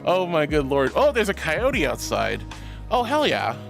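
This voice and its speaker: Guy streamer w a high bouncy voice, sweet-talks chat, soft music behind. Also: wildly swooping pitch, measured pace, creaky. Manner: affectionate, calls viewers sweetie and honey. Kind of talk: live stream chat reading.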